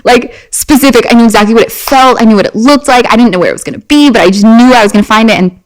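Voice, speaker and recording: A woman guest on a podcast, chatting casually and telling animated personal stories with many fillers and restarts. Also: on the high side, very fast, poor audio. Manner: animated storyteller. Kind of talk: casual chat.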